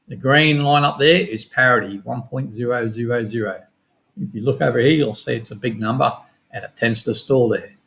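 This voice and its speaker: A middle-aged man with an Australian accent walking through his forex trades in a quick, casual, matter-of-fact way with some slang. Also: medium pitch, creaky, a bit bright. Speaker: forex trading educator. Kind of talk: screen-share chart walkthrough.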